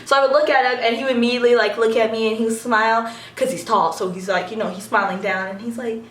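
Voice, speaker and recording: A young woman chatting excitedly to her viewers in a storytime vlog, animated and giggly with lots of fillers. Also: a little high, fast, roomy sound, faint music behind. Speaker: vlogger.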